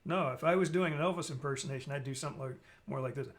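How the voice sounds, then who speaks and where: A man's voice: mid-range voice, rapid-fire. A man hosting a casual live stream, rambling and joking while he reads out viewer comments.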